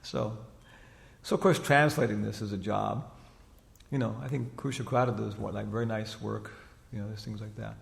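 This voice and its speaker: A man's voice: on the low side, fairly even intonation, normal speed, vocal fry. A man giving an informal religious lecture in a chatty, rambling storytelling manner, with frequent filler phrases. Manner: chatty and rambling, many "you know" fillers, laughs while retelling. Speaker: spiritual teacher giving a lecture. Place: lecture hall in Dallas. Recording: long hall reverb.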